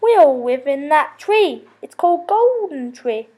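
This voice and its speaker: A woman voicing a group of excited little joeys in a storybook reading. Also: high-pitched, a little slow. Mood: eager.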